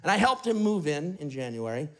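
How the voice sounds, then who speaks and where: A man doing a profane, animated stand-up set in an apartment. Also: fairly high pitch, fairly quick. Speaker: stand-up comedian. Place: apartment with live audience. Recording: live apartment crowd. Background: small audience laughing.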